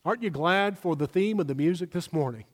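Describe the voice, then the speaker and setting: Man, pastor preaching, high voice, emphatic, long hall reverb. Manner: emphatic, slows down for stress. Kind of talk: sermon.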